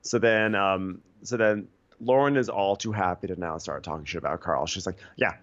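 A man co-hosting a comedy podcast, riffing on a reality show with deadpan absurd bits. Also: low voice, normal speed, dry recording, muffled recording. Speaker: podcast co-host.

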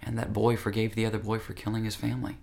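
A man's voice: fairly low pitch, monotone, quick pace, gravelly, a little mellow. A man teaching yoga philosophy in an earnest, conversational, direct way. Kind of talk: spiritual talk.

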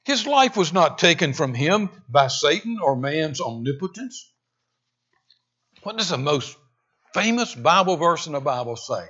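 A man preaches a sermon in a bright, husky voice, his pitch leaping about with animated emphasis. He swings from loud, pressing lines to hushed, intense ones. The recording sounds dull and muffled. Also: a little slow. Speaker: pastor.

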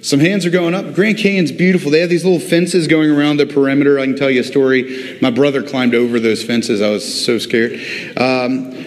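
A male pastor preaching a sermon, telling a story with animated delivery and speaking directly to his congregation. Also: mid-range voice, a little fast. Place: church before a congregation. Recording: long echo of a large hall.

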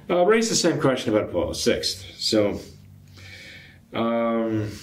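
An older man, a traditionalist Catholic priest, answering a viewer's question in a measured, explanatory way with frequent hesitations. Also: lowish voice. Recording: echoey room.

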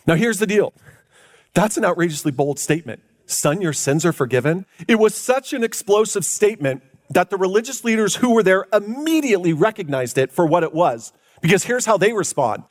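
A man preaching a sermon as pastor, emphatic, stretching key words out for effect. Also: expressive. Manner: emphatic, drawn-out preaching with big pitch swings.

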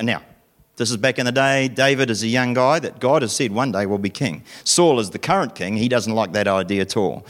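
Brief: playful New presenter, very lively pitch, retelling a Bible story for children. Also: male voice, vocal fry. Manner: animated, playful, asks questions.

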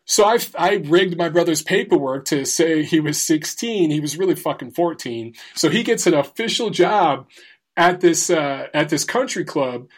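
Guy ranting funny work stories, swears a ton, cracks up laughing, kinda high voice. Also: normal speed, breathy edge. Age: adult, former Marine. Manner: profane, animated, laughs through punchlines. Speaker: storyteller. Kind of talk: casual storytelling.

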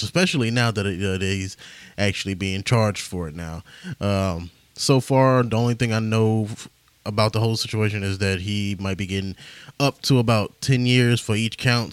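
A man's voice: fairly low pitch, dry recording. A young man hosting a podcast alone, rambling casually with lots of swearing and filler words. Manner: rambling, profane, laughs at himself. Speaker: podcast host.

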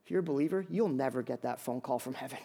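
A male pastor preaching a sermon, telling stories in an animated way with many quick restarts. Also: mid-range voice, vocal fry, breathy edge.

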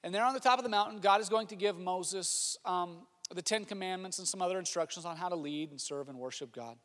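A man preaching a sermon as lead pastor, animated, swinging from loud exclamations to quiet asides. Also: sits high, a little fast, long reverb tail.

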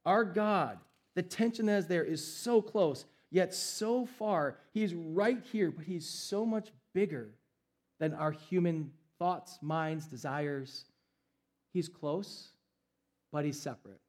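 A man in his thirties preaching a sermon, emphatic, slowing down to stress key phrases. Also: a little high, a little mellow. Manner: emphatic, varied pace with slowed stressed phrases. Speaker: pastor.

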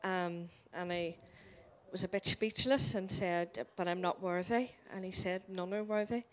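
A woman in a church group quietly sharing a reflection, with hesitant fillers. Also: on the low side, fairly even intonation, a little slow. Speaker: group participant.

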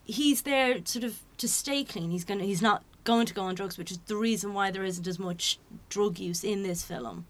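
Joking film-buff woman in her twenties. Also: medium pitch. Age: 20s. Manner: knowledgeable, joking, quick asides. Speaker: podcast co-host. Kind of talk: casual film discussion.

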